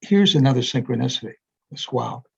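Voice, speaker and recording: Gravelly older man telling long stories. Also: medium pitch, expressive, a little fast, darkish tone. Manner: rambling anecdotes with many fillers and restarts. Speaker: interview guest, energy psychology author. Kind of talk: casual storytelling in conversation. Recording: dull lo-fi sound.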